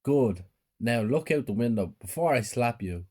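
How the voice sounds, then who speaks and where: A man's voice: medium pitch, animated, moderate pace, darkish tone, natural voice. A man doing a taunting brother. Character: mean, bullying older brother.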